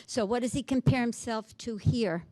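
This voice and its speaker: A woman giving a poetry lecture, reading verse slowly and with emphasis, then asking her listeners questions. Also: a little high, mellow, dry recording.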